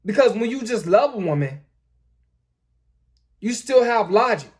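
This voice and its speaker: A man's voice: high-pitched, animated, unhurried, husky. A man hosting a dating-advice talk, lecturing emphatically, repeating his points and addressing his viewers as guys. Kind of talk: lecturing commentary.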